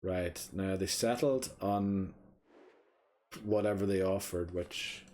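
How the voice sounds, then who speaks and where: A man's voice: low-pitched, takes it slowly, darkish tone, a little hiss or hum. A young man in casual gameplay commentary, muttering to himself, thinking aloud and swearing mildly as he plays. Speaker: gaming streamer.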